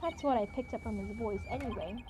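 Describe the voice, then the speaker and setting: A woman's voice: on the high side, fairly quick, background noise, lightly acted. A woman voicing an earnest, cheerful young woman lawyer in a game, speaking in a friendly, explanatory way.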